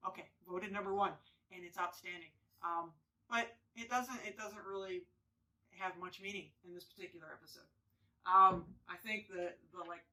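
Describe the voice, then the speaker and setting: A woman's voice: medium pitch, bright, forceful tone, recorded from a distance, poor audio. A woman chatting casually to camera as she picks ingredients for a drink, rambling with many fillers and restarts. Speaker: home cocktail vlogger.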